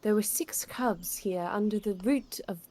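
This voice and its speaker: A woman attempting a young man from a story game, told in a wobbly mock British accent. She reads haltingly and slowly, as if she were feeling her way through each word. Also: medium pitch, warm tone, natural voice. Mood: earnest.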